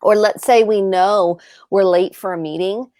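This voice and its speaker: A woman's voice: medium pitch, steady tone, unhurried, a little mellow, no echo, clean studio sound. A woman therapist on a video call, explaining earnestly and acting out example phrases as she goes. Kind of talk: video chat advice talk.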